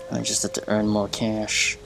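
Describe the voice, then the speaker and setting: A man's voice: fairly low pitch, gravelly, low-quality recording. A man playing a game and reading its text aloud in a casual way, often stumbling and restarting words. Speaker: gamer.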